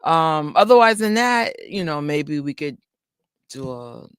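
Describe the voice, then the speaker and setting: Woman, vlogger, from New York, low voice, dry close sound, rambling casual chat. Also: big pitch swings, measured pace, clear, resonant tone, no room sound. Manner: chatty, rambling storytelling with many fillers. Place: indoors under a bright light.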